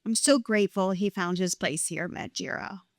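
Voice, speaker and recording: A woman's voice: medium pitch, normal speed, no echo, studio quality. A middle-aged woman telling a heartfelt personal story at a live event, reading from her pages and openly emotional.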